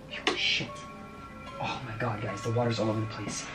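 A man's voice: on the low side, level tone, normal speed, soft background music. Young man in a frantic ghost-hunting vlog. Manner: frantic, swearing exclamations; hushed whispering. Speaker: vlogger. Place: his bedroom.

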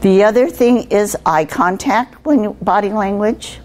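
A woman's voice: mid-range voice, measured pace, a little mellow, slight background noise. An older woman giving a conversational workshop talk on communication skills to students, asking them rhetorical questions. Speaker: guest speaker on communication skills.

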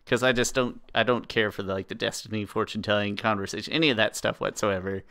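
A young man co-hosting a podcast, giving rambling, opinionated takes that often trail off quietly. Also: fairly low pitch, steady tone, quick pace, smooth. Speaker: podcast co-host. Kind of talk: casual podcast chat.

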